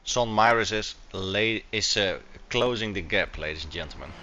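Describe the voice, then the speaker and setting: A non-native English-speaking man gives loose, excited live commentary on a sim race, tripping over his words. His voice is fairly low and his pace moderate, with a faint racing sound and slight background noise behind him.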